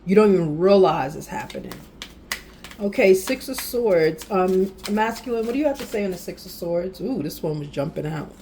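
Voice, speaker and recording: A woman giving a casual tarot reading, animated and speaking directly to the viewer with frequent affirmations. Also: medium pitch, moderate pace, a little hiss or hum. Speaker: tarot reader.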